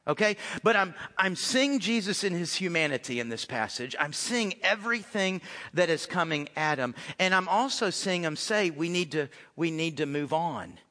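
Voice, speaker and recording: Male pastor, high bright voice, conversational sermon, long church reverb. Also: lively intonation, moderate pace. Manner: conversational preaching, swings from loud to hushed.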